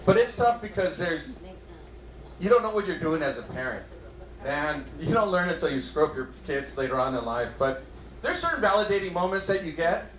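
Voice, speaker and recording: Stand-up comic, man in his 30s, high and lively voice, roomy club mic. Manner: animated, acts out dialogue in quick bursts. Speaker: stand-up comedian. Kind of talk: stand-up comedy set. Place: comedy club stage before a live audience.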